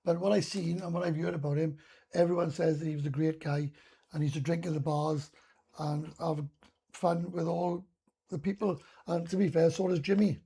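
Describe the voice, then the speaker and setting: A man's voice: a little high, flat delivery, moderate pace, gravelly, dark tone, breathy edge. A Welsh man from Wales doing a casual live stream chat, rambling and ranting with heavy swearing.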